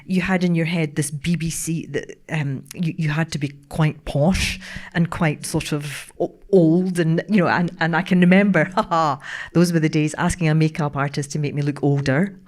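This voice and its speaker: Woman, middle-aged, deep voice, lively storyteller, laughs a lot. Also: normal speed. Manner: animated storyteller, laughing often, many restarts. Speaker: panel guest, broadcaster. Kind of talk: casual panel chat.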